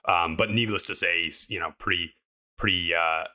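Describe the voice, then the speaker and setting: A man's voice: sits low, steady tone, normal speed, sharp tone. A young man casually recounting a climbing trip in a podcast interview, upbeat and rambling with lots of fillers. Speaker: podcast co-host and guest recounting a climbing fall.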